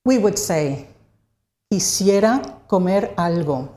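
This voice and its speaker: A woman teaching an online language lesson, modeling short phrases slowly and clearly for learners to repeat. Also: on the low side, warm tone, echoey room.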